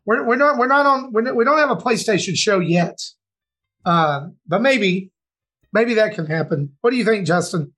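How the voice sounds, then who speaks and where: This podcast host is a man from the Southern United States whose voice sits high and sounds fairly bright. He talks at a moderate pace, animated and loose, rambling through casual banter in a friendly way full of fillers.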